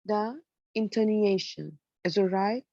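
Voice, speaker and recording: A woman's voice: medium pitch, measured pace, vocal fry, dark tone, no echo, highs cut off. Woman teaching English grammar. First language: Arabic. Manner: explains in English mixed with Arabic, many fillers. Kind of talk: online lecture.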